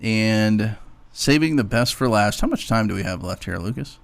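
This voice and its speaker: A man co-hosting a sports radio show, chatting casually and briskly reading calendar items while teasing his co-host. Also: on the low side, animated, creaky, no room sound.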